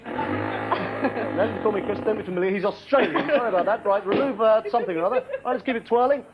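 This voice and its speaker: An actor playing a flustered, chummy British quiz show host who calls contestants "my darling" and keeps apologising. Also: male voice, high voice, huge pitch swings, fast, exaggerated voice. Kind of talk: sketch comedy parody. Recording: lo-fi old TV tape with loud studio audience and noise. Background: loud studio audience.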